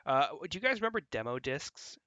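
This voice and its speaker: A young man co-hosting a podcast, joking in quick, upbeat casual chat. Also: fairly high pitch, big pitch swings, bright, forceful tone, clear, resonant tone, dry recording, dull audio. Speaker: podcast co-host.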